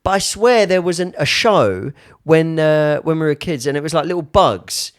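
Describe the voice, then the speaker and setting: A young British man co-hosting a podcast, chatting in an animated, hesitant way. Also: a little high, normal speed. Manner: animated, hesitant, many fillers and restarts. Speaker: podcast co-host. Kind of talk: casual chat.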